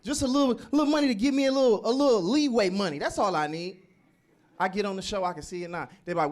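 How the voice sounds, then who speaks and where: A man's voice: sits high, fast talker. A male stand-up comedian with a chatty, streetwise delivery, acting out both sides of a conversation. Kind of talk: stand-up set.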